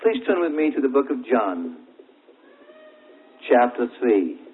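A man preaching a sermon, telling folksy everyday examples and asking drawn-out, emphatic questions. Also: medium pitch, very animated. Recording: tinny, narrow-band old recording.

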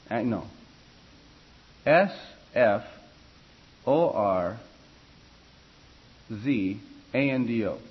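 Male choir teacher lecturing, dull audio. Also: on the low side. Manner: conversational, rambling, fillers and restarts, spells out terms. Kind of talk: classroom lecture on singing.

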